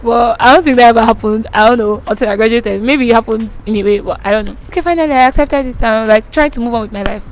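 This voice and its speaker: A woman's voice: on the high side, fast, hardly any pauses, a little hiss or hum, poor audio. A young woman from Nigeria with a Nigerian accent, telling a dramatic school story to her channel viewers. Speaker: vlogger. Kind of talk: storytime vlog.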